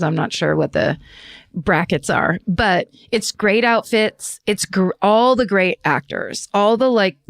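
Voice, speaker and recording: A woman's voice: medium pitch, smooth, no room sound, studio quality. Laughing, chatty middle-aged woman podcaster. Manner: animated storyteller, laughs often. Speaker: podcast co-host. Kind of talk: casual chat. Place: at home. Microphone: remote video call.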